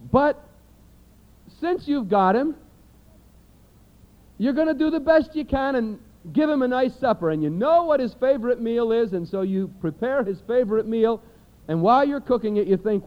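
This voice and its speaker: A man preaching a sermon, lively and animated, acting out everyday scenes in different voices as he reads scripture. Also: very high-pitched, normal speed. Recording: dull lo-fi recording.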